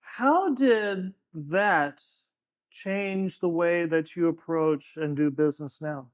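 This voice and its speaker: High-voiced male interviewer, slow speech. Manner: short prompts and brief agreements. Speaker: host, interviewer. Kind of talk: interview questions and backchannel.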